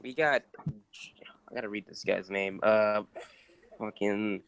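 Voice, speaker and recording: A man with a sore throat presenting award nominees in a loose, halting, profane way. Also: lowish voice, steady tone, creaky, fairly bright tone, clear, resonant tone, no echo, muffled recording. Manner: hesitant, full of fillers and swearing. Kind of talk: casual comedic awards chat.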